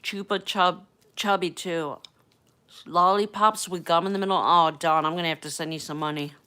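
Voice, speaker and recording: Chatty emotional woman vlogger, lowish voice. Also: fairly even intonation, normal speed, bright, forceful tone, clean tone. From United States. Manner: chatty, emotional, talks to viewers by name. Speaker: livestream host. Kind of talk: casual livestream chat. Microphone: webcam or phone mic, moves off camera.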